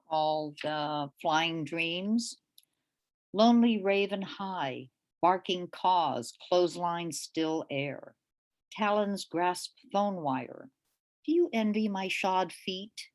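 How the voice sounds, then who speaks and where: A woman giving a poetry reading as the featured poet, delivering her lines in a deliberate, measured way with pauses between them. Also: fairly low pitch. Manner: hesitant, with fillers, when speaking off the page.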